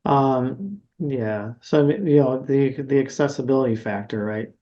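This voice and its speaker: A middle-aged man talks casually as an interview guest, meandering through his thoughts with fillers and restarts. His voice is mellow and dark-toned. The recording sounds dull and muffled. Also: medium pitch, moderate pace. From Buffalo, New York area. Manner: rambling, many fillers and restarts. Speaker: guest guitarist and music educator.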